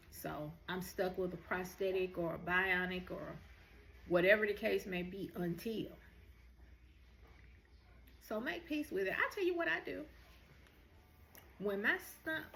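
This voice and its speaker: A woman's voice: medium pitch, fairly bright tone, a little hiss or hum. Woman, host, motivational talk, earnest, encouraging, mid-range voice.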